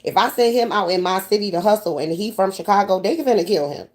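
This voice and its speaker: A woman from New York with a New York accent, telling a profane story to her audience in a casual, animated way. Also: medium pitch, fast talker.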